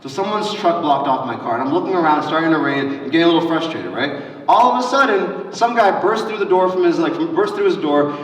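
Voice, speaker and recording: A man's voice: fairly high pitch, fast talker. A man leading a church lesson for kids, telling stories energetically and acting out the quotes. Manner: energetic, storytelling with acted-out quotes. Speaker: youth pastor. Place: large church hall. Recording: roomy hall heard from a distance.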